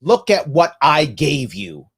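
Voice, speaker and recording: A man voicing a deep-voiced, gloating male cult villain who speaks slowly and smugly. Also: creaky, slightly rough, exaggerated voice.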